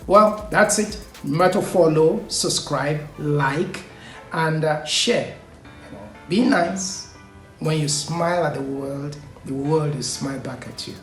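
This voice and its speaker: A man casually recounting a personal story for his vlog, animated and quick to laugh, often trailing off mid-thought. His voice rings in an echoey room, with soft music playing faintly behind him. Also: a little high.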